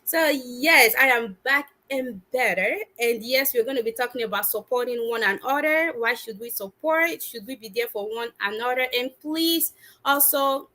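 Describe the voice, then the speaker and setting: A woman with a high, bright voice hosts a casual livestream, speaking through earphones and a laptop. She is upbeat and chatty, greeting viewers one by one and laughing often. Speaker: livestream host. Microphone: wireless earphones and laptop.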